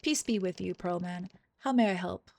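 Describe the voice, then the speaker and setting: A woman reading the lines of a calm, formal male village priest aloud while playing a game, in a measured, courteous way. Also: lowish voice, creaky.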